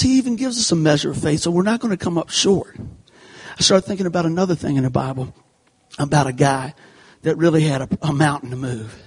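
A man giving an animated sermon, telling a folksy personal story and acting out the scenes. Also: a little high, breathy edge. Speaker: church speaker. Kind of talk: sermon told through a comic personal story.

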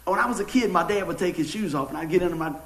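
A middle-aged pastor, preaching a sermon with jokes and folksy storytelling. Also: male voice, high-pitched, very fast. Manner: folksy, joking, animated storytelling. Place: church sanctuary. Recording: echoey church room.

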